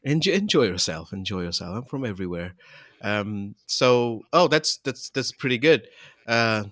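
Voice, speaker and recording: A man's voice: fairly low pitch, animated, normal speed, a bit bright, no echo, studio quality. A man co-hosting a casual podcast from home over a call, joking, laughing and swearing as he chats. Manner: swearing, laughing, jokey banter. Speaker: podcast co-host. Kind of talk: casual chat.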